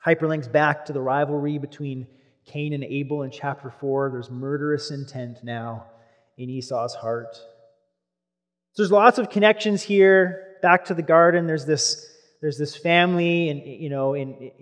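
A man preaching a sermon who reads scripture aloud and then explains it in relaxed, conversational asides. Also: fairly high pitch, unhurried, long reverb tail.

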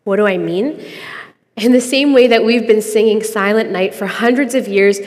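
A woman's voice: mid-range voice, normal speed, a little mellow, in a large hall. A young adult woman hosting a podcast, giving an earnest, conversational devotional reflection and laughing easily.

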